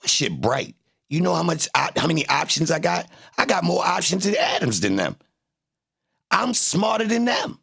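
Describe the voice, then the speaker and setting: Gravelly husky guy hosting a live stream, bouncy pitch, cocky and cussing. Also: normal speed. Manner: animated, boastful, profane trash talk. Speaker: livestream host. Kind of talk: casual livestream commentary.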